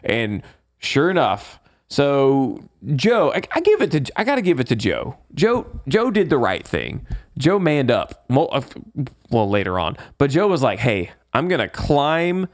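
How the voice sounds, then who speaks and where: A man co-hosting a casual podcast, recapping a movie in animated storytelling and swearing freely. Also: mid-range voice, unhurried. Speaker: podcast co-host.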